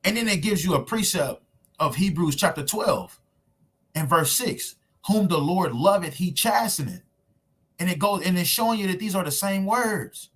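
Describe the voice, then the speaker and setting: A man's voice: high-pitched, animated, normal speed, a bit bright, breathy edge. A man preaching a sermon to camera in casual slang, pressing his points with rhetorical questions. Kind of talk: street preaching sermon video. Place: at home recording himself with screen share.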